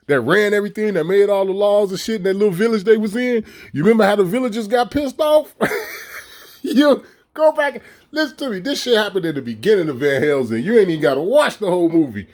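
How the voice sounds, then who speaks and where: Middle-aged guy ranting on his vlog, kinda high voice, cussing a lot, mocking with rhetorical questions. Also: a little mellow. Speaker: vlogger. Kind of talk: casual ranting commentary.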